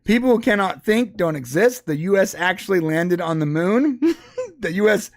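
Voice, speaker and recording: High-voiced man rambling through a list. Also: expressive, moderate pace. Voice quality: speech impediment. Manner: rambling, amused, running down a list with asides. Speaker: podcast host. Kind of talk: casual rambling commentary.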